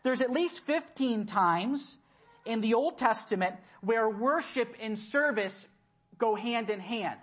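Deliberate man preaching a sermon. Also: very high voice, animated, fairly bright tone, breathy edge. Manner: deliberate, repeats key words for emphasis. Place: church.

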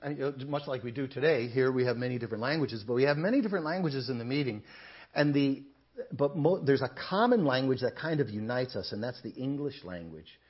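A man's voice: mid-range voice, animated, a little fast, slightly rough, lo-fi sound. A man preaching a sermon and reading scripture, talking casually and asking the congregation questions. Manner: conversational, asks the congregation questions. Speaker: pastor.

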